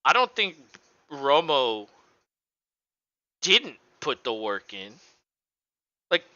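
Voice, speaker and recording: Male podcast co-host, bright and forceful, smooth dry voice, fast profane rants. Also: a little high, no echo, lo-fi sound. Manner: animated, profane ranting with mocking voices. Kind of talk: casual sports chat.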